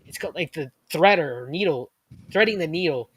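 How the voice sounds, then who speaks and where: A man co-hosting a casual podcast chat, rambling excitedly and pausing to search for names. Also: fairly high pitch, slightly rough, no echo. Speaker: podcast co-host.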